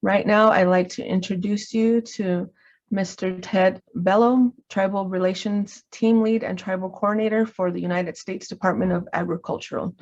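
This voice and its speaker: A woman from New Mexico hosting a webinar, reading announcements in an even, measured way. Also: medium pitch. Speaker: webinar host. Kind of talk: scripted webinar introduction. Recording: dull lo-fi webinar audio.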